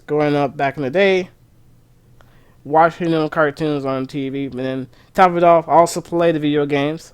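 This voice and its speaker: A man streamer chatting casually and excitedly, rambling with many restarts. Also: a little high, clean tone. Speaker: gaming streamer. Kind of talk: casual chat.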